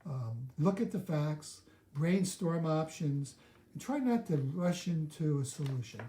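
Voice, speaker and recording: A man's voice: a little high, lively intonation, moderate pace, warm tone, roomy sound. A man coaching on a live video, walking through steps one by one and acting out sample lines of dialogue. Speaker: relationship coach.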